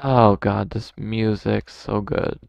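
A man's voice: lowish voice, flat delivery, slow, vocal fry, a little mellow, no echo, lo-fi sound. A man playing a video game, casually commenting and joking as he goes. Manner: laid-back, joking, mutters to himself. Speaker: gamer. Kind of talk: let's play commentary.

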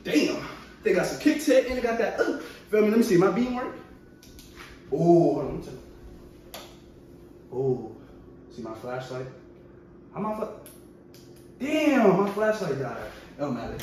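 A young man doing a casual show-and-tell vlog, excitable and slangy with frequent exclamations. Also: sits high, unhurried, pauses often. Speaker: vlogger showing his collection. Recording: very echoey, far from the mic, faint noise.

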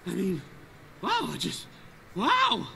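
An actor playing a shy, nervous young male radio DJ in a video game, with a squeaky voice and stammering delivery. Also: wildly swooping pitch, takes it slowly, vocal fry, sharp tone, a little hiss or hum, heavily acted. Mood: amazed. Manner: stammering, breathless wonder. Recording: game music behind.

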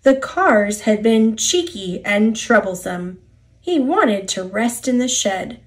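Slow, deliberate woman storyteller. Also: fairly high pitch, expressive. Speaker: storybook narrator. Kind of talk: children's picture book read-aloud.

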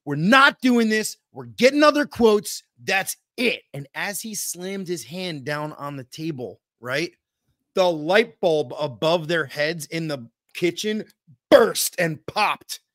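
A man hosting a podcast in casual chat, excitable and profane, rambling with many fillers. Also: fairly high pitch, no echo, studio quality. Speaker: podcast host.

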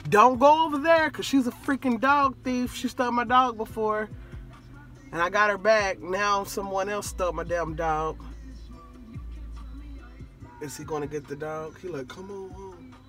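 A woman's voice: fairly low pitch, pushed and bright. A young woman vlogger telling a rambling, profane storytime rant, drifting off track and back. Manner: rambling, profane, easily sidetracked.

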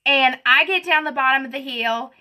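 Chatty high-voiced woman. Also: moderate pace, sharp tone. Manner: chatty, greets viewers by name, giggly. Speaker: livestream host. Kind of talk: casual live chat while doing makeup.

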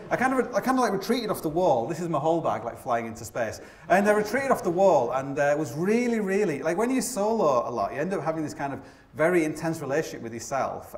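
A man in his forties, a mountaineer giving a live storytelling talk on a theatre stage. He rambles and mocks himself, leaning on fillers and restarts. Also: a little high. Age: 40s. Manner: rambling, self-deprecating, heavy with fillers. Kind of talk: live comic storytelling to an audience. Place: opera house stage. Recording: echoey theatre.

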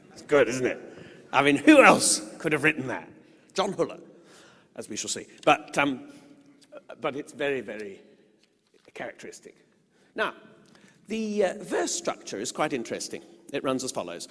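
A middle-aged British man giving a music lecture, explaining and reciting song verses with deliberate emphasis. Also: medium pitch, very animated, pushed and bright. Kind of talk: lecture with spoken and sung musical examples. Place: lecture hall. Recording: long hall reverb.

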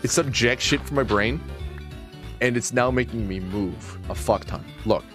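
A man streaming games, chatting casually in a crude, excitable way and laughing often. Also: medium pitch, measured pace, music in the background. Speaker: game streamer. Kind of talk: casual livestream gaming chatter.

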